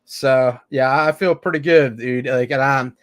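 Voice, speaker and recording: A man's voice: medium pitch, steady tone, a little slow, no echo, clean studio sound. A man co-hosting a casual sports podcast, talking in a laid-back, hesitant way full of "man" and "dude.". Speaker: podcast co-host.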